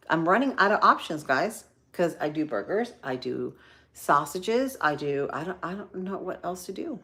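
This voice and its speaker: A woman's voice: on the low side, a bit bright. A tired middle-aged woman chatting casually with live viewers while she cooks, folksy, full of ums and y'alls. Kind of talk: casual live-stream chat while cooking.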